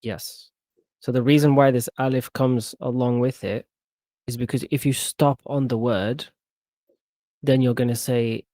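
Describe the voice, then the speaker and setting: A man teaching Quran reading to a single student, patient and unhurried, breaking words into syllables. His voice sits at an everyday middle pitch. The sound is dry and close. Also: steady tone, mellow, dry recording. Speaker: Arabic teacher. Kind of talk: one-on-one Quran reading lesson.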